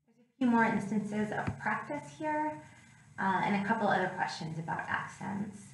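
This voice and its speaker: A woman's voice: medium pitch, animated, normal speed. A woman teacher giving a recorded grammar lesson, explaining patiently step by step. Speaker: Greek teacher. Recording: echoey room with faint noise.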